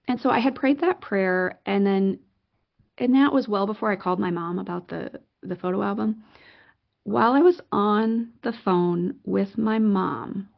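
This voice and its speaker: Brief: middle-aged woman, podcast guest, gravelly edge, animated storyteller, dull lo-fi audio. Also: mid-range voice. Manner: animated, excitable storyteller with frequent fillers and restarts. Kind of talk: conversational storytelling.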